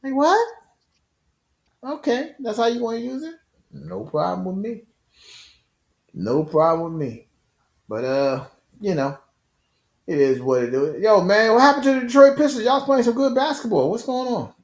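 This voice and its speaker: A man's voice: sits high, very animated, moderate pace, pauses often, reverberant. A man hosting a live sports stream in casual chat, joking and laughing often.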